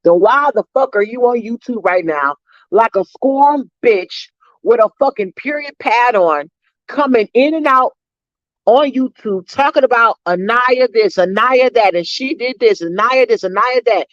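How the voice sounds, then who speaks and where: A woman's voice: on the high side, lively intonation, dry recording. Woman ranting heatedly, dull dry audio. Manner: heated, profane, rapid-fire ranting. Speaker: commentary vlogger. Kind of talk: ranting commentary vlog.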